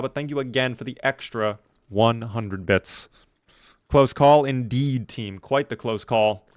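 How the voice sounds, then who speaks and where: A man's voice: mid-range voice, clean tone. Chatty man streaming a game. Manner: playful, chatty, talks to chat and thanks viewers. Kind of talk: live gameplay commentary.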